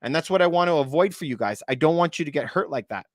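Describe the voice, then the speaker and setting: A man's voice: on the high side, lively intonation, quick pace, dry recording, studio quality. A man in a casual monologue, explaining the economy to his viewers with rhetorical questions and now and then a short laugh at the absurd parts. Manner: chatty, rhetorical questions, addresses viewers as you guys; laughs at points he finds absurd. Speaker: real estate and market commentator.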